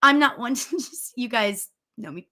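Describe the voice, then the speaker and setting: A woman, a medium hosting a spiritual discussion show, chatting in a loud voice and talking quickly as she tells a story. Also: a little high, animated. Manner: loud, fast, storytelling with laughs. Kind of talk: casual chat.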